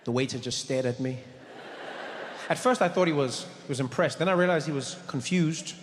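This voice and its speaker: A man performing stand-up comedy, animated and telling a story while acting out characters and voices. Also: medium pitch, moderate pace. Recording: echoey hall, noisy room.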